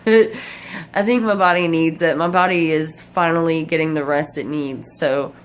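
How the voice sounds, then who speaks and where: Sleepy woman vlogging, lowish voice, rambling restarts, faint hiss behind. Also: steady tone, a little slow. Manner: rambling, emotional, many restarts and laughs. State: tired, drowsy from medication. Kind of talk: casual personal update to camera.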